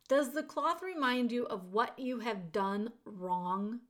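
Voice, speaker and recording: Storybook villain rat, cunning and silky, read by a woman; slow, even delivery. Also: fairly high pitch. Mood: probing. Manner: silky, coaxing, mock-polite. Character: cunning male rat, sly and smooth-talking.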